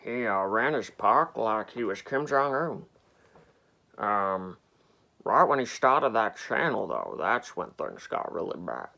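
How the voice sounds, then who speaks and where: Slow, gravelly man in a mock interview. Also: on the low side, sing-song, pushed and bright. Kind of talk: comedy mockumentary interview.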